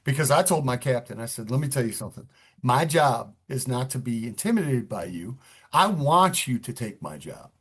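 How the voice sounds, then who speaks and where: A man's voice: mid-range voice, very animated, moderate pace, fairly bright tone, slightly rough. Earnest middle-aged man from New York, a police chief in an interview, repeating words as he thinks. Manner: earnest, repeats words while gathering thoughts. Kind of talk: interview conversation.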